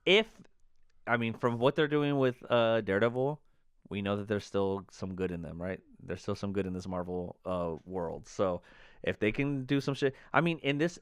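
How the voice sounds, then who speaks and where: A young male podcast co-host with a fairly low, smooth and clear voice. He rambles excitedly, leaning on fillers. The sound is close and dry. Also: moderate pace, no room sound. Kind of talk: casual chat.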